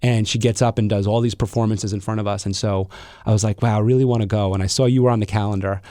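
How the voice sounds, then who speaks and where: A man's voice: on the low side, fairly even intonation, fast talker, warm tone, dry recording, studio quality. A middle-aged man hosting a podcast, talking reflectively with many restarts and fillers. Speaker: podcast host. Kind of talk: casual interview conversation.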